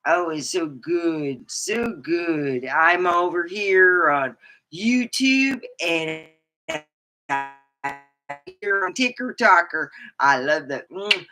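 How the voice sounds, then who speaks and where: Woman livestreamer, middle-aged, slow and rambling, bright forceful tone, lowish voice. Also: poor audio. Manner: rambling and animated, with sudden high whoops. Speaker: livestreamer and comedy chat host. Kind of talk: casual rambling livestream chat.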